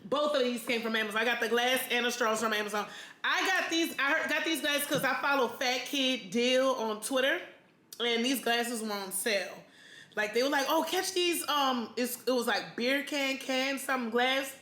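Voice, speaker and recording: American woman host, excitable storyteller, high voice, roomy echo. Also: moderate pace. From United States. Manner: animated, excitable storyteller with slangy speech. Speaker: mukbang vlog host. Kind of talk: casual chat.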